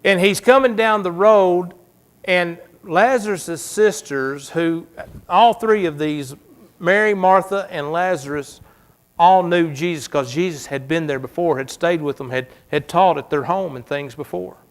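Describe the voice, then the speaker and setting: A man's voice: a little high, measured pace. Male pastor preaching with dramatic swings. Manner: dramatic storytelling, swinging from soft to loud. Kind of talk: sermon. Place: church.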